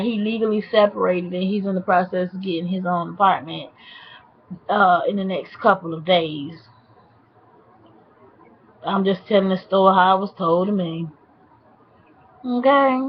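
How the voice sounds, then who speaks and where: A woman telling a casual story in a sassy, animated way, with drawn-out asides. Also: medium pitch, slightly rough, dull audio. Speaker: vlogger.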